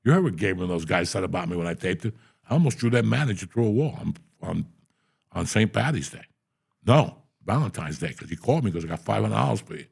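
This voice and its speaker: A middle-aged man telling profane, animated stories on a podcast. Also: low voice, fast talker, vocal fry, slightly rough. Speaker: podcast host. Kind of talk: casual storytelling.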